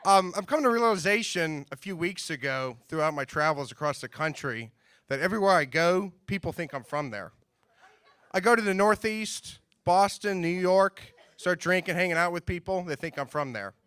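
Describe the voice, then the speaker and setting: A man from Mississippi opening a stand-up comedy set on a club stage, telling his story in a measured way. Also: sits high, lively intonation, bright, forceful tone, smooth, no echo. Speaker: student stand-up comic.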